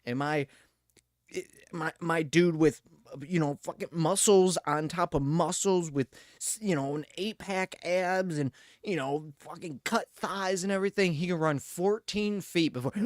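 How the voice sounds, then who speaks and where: Pitched fairly high, this man's voice comes through dry and studio-clean. He's a livestreamer playing a game on stream, swearing and ranting in casual chat with quick bursts of laughter.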